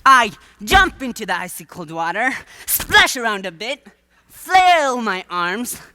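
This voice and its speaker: Teen actor as a wheedling waterfront huckster, theatrical sales patter, lively swooping voice, bright tone, dry close sound, school stage play. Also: medium pitch, takes it slowly, dry recording, exaggerated voice. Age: teenager. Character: wheedling male waterfront huckster staging fake drownings.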